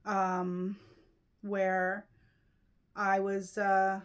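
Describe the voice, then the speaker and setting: A woman comedian and event host chatting casually in a vlog, animated, with lots of fillers and laughter. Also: medium pitch, extremely slow, smooth, dull audio. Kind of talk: casual vlog chat about mementos.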